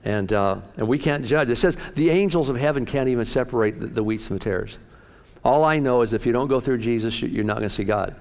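A middle-aged man preaching a sermon as pastor, folksy and excitable, often jumping up in pitch and loudness. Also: a little fast, big-room sound.

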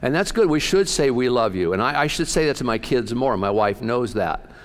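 A man's voice: medium pitch, sing-song, fairly quick. A male pastor preaching in a folksy, joking, conversational way, telling stories. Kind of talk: sermon.

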